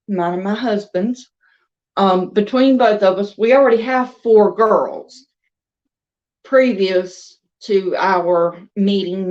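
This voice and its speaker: In a casual vlog, a crochet and doll vlogger from the American South rambles through a chatty story in her Southern US accent, breaking into laughs between thoughts. Her voice is mid-range, and the recording's highs are cut off.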